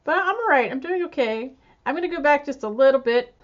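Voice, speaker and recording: A woman's voice: high-pitched, lively intonation, a little fast, lo-fi sound, heavy background noise. A woman hosting a casual music reaction video, chatty and self-deprecating, laughing easily as she talks.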